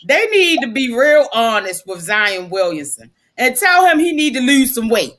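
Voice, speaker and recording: A woman's voice: a little high, big pitch swings, moderate pace, a bit bright. A woman on a sports-talk panel, giving frank, opinionated takes on players.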